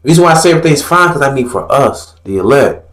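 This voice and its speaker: A man's voice: mid-range voice, lively intonation, quick pace, roomy sound. A man giving blunt, profane religious commentary in a fiery, preachy manner, mocking others in put-on voices.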